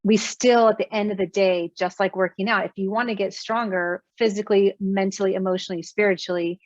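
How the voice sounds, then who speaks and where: A woman's voice: mid-range voice, steady tone, a little fast, no room sound. A woman in her thirties, a guest author on a podcast, talking in an earnest storytelling way with many fillers. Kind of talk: casual interview chat. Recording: dull, dry sound.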